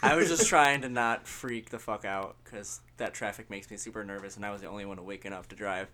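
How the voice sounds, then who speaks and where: A man's voice: fairly low pitch, fairly quick, bright, forceful tone, a little hiss or hum. A man guesting on a casual podcast, telling rambling, self-deprecating stories with a jokey manner. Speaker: musician guest.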